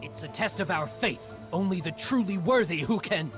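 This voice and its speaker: An actor playing a frail, fervent young religious zealot from Texas whose resolve wavers. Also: male voice, high-pitched, animated, moderate pace. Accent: Texan. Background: game music.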